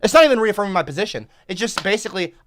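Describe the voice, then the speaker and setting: A man livestreaming into a headset mic, reading chat aloud and cursing and yelling back at viewers. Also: high voice, lively intonation, rapid-fire, slight background noise. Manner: profane, combative, shouting back at chat.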